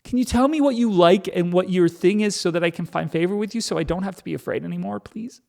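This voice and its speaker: A man's voice: high voice, fast, vocal fry, darkish tone, pitched above the performer's own voice. Brief: a man putting on a panicky, whiny grown man, far above his own voice, pleading nonstop. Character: anxious pleading adult man, frightened people-pleaser.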